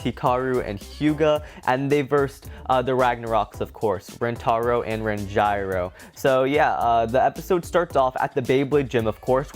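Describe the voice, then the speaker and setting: A man with a somewhat high voice talks through a cartoon episode in a loose, excited review. He keeps saying "like" and breaks into small laughs. Soft music plays underneath. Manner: chatty and enthusiastic, heavy use of "like"; laughs often while talking. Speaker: anime reviewer.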